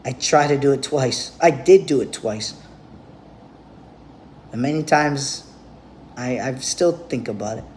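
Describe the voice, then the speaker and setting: A man's voice: medium pitch, a little slow, pauses often, a little mellow, a little hiss or hum. Blunt, foul-mouthed man ranting. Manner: blunt, profane, rambling. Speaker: vlogger. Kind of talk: direct-to-camera monologue.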